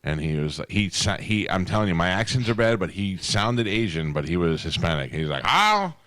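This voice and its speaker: Deep-voiced man hosting a radio show. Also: fairly bright tone, no echo. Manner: storytelling, joking, quick asides. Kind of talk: casual radio banter. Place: radio studio. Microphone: studio microphone.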